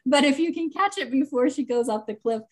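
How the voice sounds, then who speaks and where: A woman in casual conversation who speaks earnestly about parenting, with many fillers and animated stretches. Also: high voice, brisk. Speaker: podcast co-host, parent of a nonverbal child.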